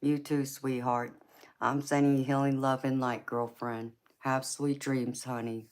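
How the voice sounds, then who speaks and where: A woman's voice: extremely low pitch, flat delivery, unhurried, darkish tone. A woman in her forties from California with a Georgia Southern accent, chatting casually with viewers on a live stream, laughing often and calling them honey and girlfriend. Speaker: livestream tarot reader.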